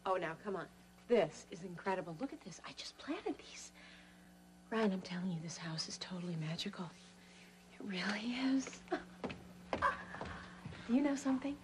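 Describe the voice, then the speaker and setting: An actress playing a woman's invisible spirit who talks in a hushed, wondering whisper, over soap opera score music. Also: medium pitch, lively intonation, normal speed, pauses often, a little hiss or hum, close to an everyday voice. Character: woman's spirit, invisible, back home, awed. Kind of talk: daytime soap acting.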